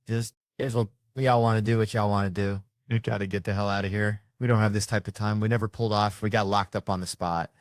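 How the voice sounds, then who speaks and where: A man doing a loud, animated, profane stand-up story rant. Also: fairly low pitch, fast talker, hardly any pauses, no echo, studio quality. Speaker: comedian.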